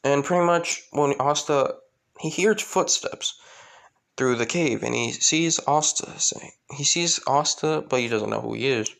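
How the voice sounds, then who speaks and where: Gravelly man casually retelling a story. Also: mid-range voice, a little slow, a bit bright. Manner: rambling, loose retelling. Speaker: fan fiction narrator.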